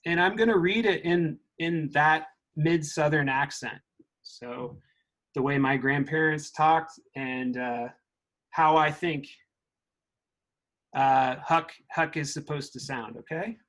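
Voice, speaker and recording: A man giving an informal talk at a meditation center, halting and thinking aloud with frequent restarts. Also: on the high side, a bit bright, poor audio.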